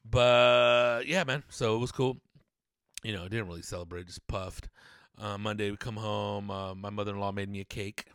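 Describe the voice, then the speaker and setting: A man's voice: fairly low pitch, fairly even intonation, moderate pace, a bit bright, dry recording, clean studio sound. A man hosting a solo podcast, rambling loosely and swearing, calling everyone dude and man. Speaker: podcast host. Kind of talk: casual solo podcast chat. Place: home studio room.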